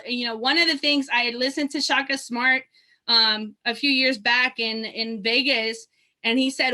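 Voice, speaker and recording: Bright-voiced woman basketball coach. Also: a little high. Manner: conversational, many fillers. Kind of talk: panel discussion.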